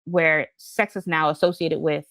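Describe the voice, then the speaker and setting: Woman, podcast host, thoughtful, searching questions, lowish voice, gravelly. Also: steady tone, unhurried, a bit bright, no room sound, clean studio sound. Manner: thoughtful, searching, rephrases questions as she goes. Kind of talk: interview questions.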